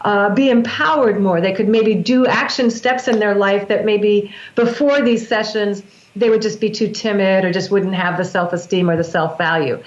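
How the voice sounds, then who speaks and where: A woman's voice: mid-range voice, fairly even intonation, normal speed. Earnest woman explaining breath work. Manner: earnest, explanatory, with frequent restarts. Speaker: breath work practitioner, guest. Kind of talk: explanatory interview talk. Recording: echoey, dull lo-fi sound.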